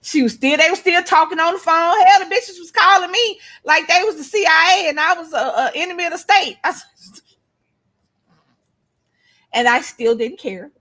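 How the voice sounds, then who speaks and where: A middle-aged woman, telling animated, profane stories in casual chat as a co-host. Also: extremely high pitch, a little fast, hardly any pauses. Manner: animated storytelling, blunt and profane.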